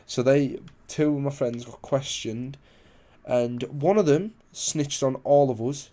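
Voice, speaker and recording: A man's voice: mid-range voice, takes it slowly, mellow. Rambling sweary young man. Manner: rambling, heavy swearing, loses his place. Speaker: storyteller. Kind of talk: casual storytelling.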